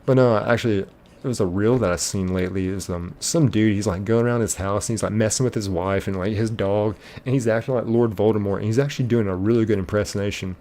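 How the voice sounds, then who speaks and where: A man hosting a live game stream, chatting casually and reading out viewer comments in a relaxed, friendly way. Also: lowish voice, fast.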